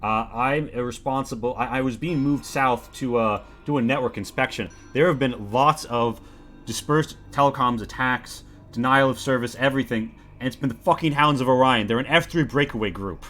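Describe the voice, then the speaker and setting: A man voicing an injured woman survivor who panics, swears and yells. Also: mid-range voice, moderate pace, faint music behind, close to an everyday voice. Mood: ranting.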